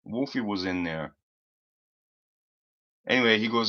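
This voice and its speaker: Man, live-stream host, rambling and fed up, bright voice, muffled lo-fi audio. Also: on the low side, normal speed, pauses often. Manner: rambling, exasperated storytelling, swears freely. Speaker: livestream host. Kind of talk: casual live-stream chat. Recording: slightly dull lo-fi stream audio.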